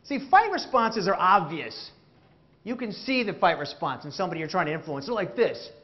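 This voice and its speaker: A man giving an interactive motivational keynote on stage, animated and jokey, asking the audience questions. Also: sits high, fairly quick, dull audio. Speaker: keynote speaker. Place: stage before a live audience.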